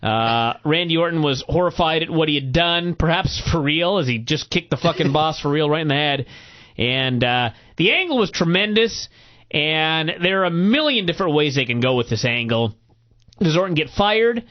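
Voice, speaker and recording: A man hosting a podcast, recapping a wrestling show in casual, profane, animated chat. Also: a little high, moderate pace. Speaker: podcast host. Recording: muffled lo-fi recording.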